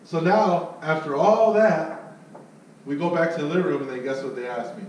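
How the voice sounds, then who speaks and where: This man's voice is a little high and his speed normal as he relates a sales story and coaches others. Cursing liberally, he acts out the story's people in an animated way. The mic is distant in an echoey room with faint noise.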